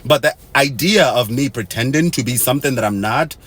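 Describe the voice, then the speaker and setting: Animated Nigerian-born man talking to camera. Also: fairly quick. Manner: animated, swings from loud exclamations to low asides, mixing in Pidgin and Igbo phrases. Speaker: host. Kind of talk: casual to-camera monologue.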